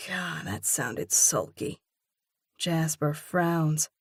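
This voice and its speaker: A woman narrating a romance audiobook in the first person, with a measured, expressive reading. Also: on the low side, no echo, studio quality.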